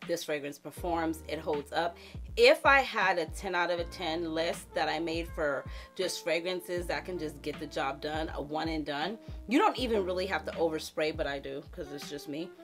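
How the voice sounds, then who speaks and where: Woman, thirties, beauty vlogger, animated, sassy, fairly low voice. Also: moderate pace, soft background music. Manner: animated, sassy, talks to viewers as girlfriends. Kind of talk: casual chatty product talk.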